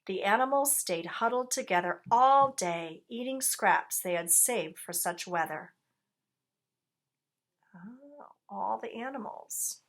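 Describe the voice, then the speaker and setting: A woman reading a picture book aloud to children, gently pausing to ask her listeners questions. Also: medium pitch, lively intonation.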